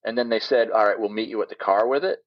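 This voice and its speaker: Male guest from Canada, deadpan, mid-pitched, muffled lo-fi line. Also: fast. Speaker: podcast guest. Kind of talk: casual chat. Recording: dull lo-fi remote line.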